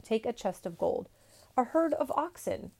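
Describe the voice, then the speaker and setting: A woman reading a storybook aloud, voicing an anxious, excitable old male emperor with emphatic, flustered outbursts. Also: a little high, unhurried, vocal fry, no echo, pitched above the performer's own voice, exaggerated voice. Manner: pleading then flustered outbursts.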